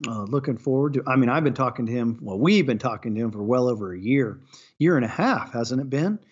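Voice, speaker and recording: A man's voice: mid-range voice, expressive, fast talker, husky. A man co-hosting a podcast in casual chat, hesitant, often restarting and agreeing. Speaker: podcast co-host. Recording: slightly dull, lo-fi mic.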